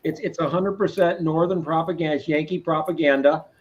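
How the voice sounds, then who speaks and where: A man's voice: on the high side, fairly even intonation, a little fast, highs cut off. A man hosting a casual live-stream talk who rambles, repeats himself and speaks his mind, from Boston. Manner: rambling, opinionated, repeats words. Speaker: host.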